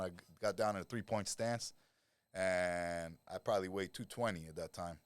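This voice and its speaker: A man's voice: low-pitched, normal speed, dry recording. A man in his forties, a podcast guest, tells his life story in blunt, profane street talk. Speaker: interview guest. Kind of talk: storytelling interview. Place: podcast studio.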